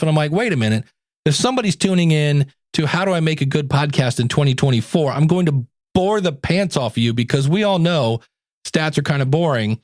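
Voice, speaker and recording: A man hosting a solo podcast, giving advice in an animated, conversational way with playful asides. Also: a little high, dry recording, clean studio sound. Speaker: podcast host and coach.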